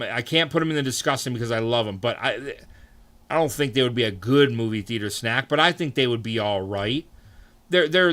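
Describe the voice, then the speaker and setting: A young man streaming, chatting casually with his viewers, swearing freely and jumping into mock outrage. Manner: animated, swears freely, answers chat, jumps into high mock outrage. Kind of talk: casual live-stream chat.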